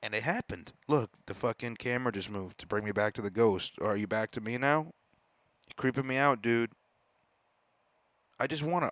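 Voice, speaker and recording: A man hosting a solo podcast as a comedian, talking in a profane, rambling, animated monologue. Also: on the low side, dry recording. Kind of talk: casual monologue.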